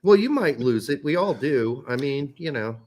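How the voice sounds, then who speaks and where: A man's voice: mid-range voice, expressive, normal speed, a little mellow. A male podcast host in casual chat, joking and rambling with plenty of swearing.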